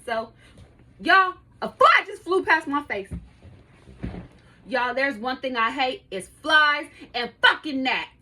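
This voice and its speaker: A woman in her thirties tells a story on her own podcast from her home studio, casual and profane, laughing often. Her high-pitched voice is expressive, pushed, and bright, delivered slowly with long pauses.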